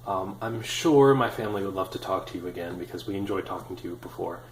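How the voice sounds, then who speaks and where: A man in his thirties telling a personal story in a casual, animated, self-deprecating way with many fillers. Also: low-pitched, fast talker, reverberant, slight background noise, rough recording. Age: 30s. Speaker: vlogger.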